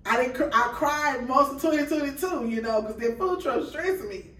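Animated woman telling a story, roomy sound. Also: high voice, moderate pace, recorded from a distance. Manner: animated, acts out dialogue in quoted voices. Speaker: guest, food truck owner. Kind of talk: storytelling in casual chat.

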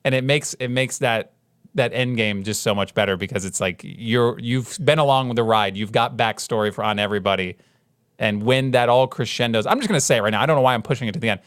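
A man's voice: mid-range voice, fast, no room sound, clean studio sound. A man in his thirties co-hosting a podcast, chatting casually and rambling with frequent restarts. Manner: rambling, restarts often, animated retellings. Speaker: podcast co-host. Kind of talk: casual chat.

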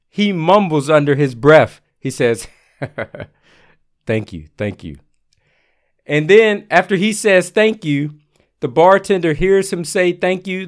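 A man with a smooth, clear voice that sits a little above the usual male range. He tells a rambling personal story in a relaxed, chatty way, full of "uh" and restarts, as a whiskey writer. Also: on the high side. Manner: rambling anecdotal telling with fillers. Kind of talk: casual storytelling.

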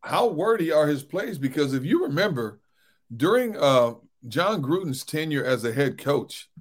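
A man's voice: on the high side, very animated, moderate pace. A man co-hosting a sports talk show, chatting casually and animatedly about football, often tossing in "man". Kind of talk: casual sports radio chat.

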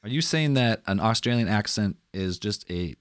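A man with a low, lively voice hosts a podcast, ribbing his guest with playful, laughing questions. His pitch swings a lot, and the sound is dry and close. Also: normal speed, no echo. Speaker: podcast host. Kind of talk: casual chat.

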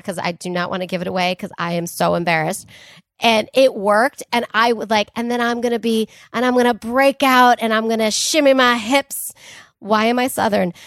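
Woman co-host, mid-pitched, playful and joking, dry close mic. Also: a bit bright, no room sound. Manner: playful, reactive, self-deprecating jokes. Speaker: podcast co-host. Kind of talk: casual chat.

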